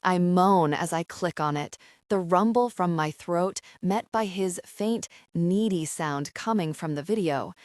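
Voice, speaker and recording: A woman narrating a romance audiobook in the first person, slowing down and lingering over the heated passages. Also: lowish voice, darkish tone, dry recording, clean studio sound.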